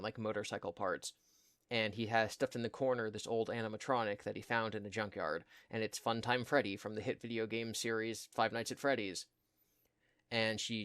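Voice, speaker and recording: A man co-hosting a podcast, with a voice on the low side and slightly bright, rambles through a story in casual chat, full of fillers and mocking imitations of quoted voices. The recording is dry, with clean studio sound.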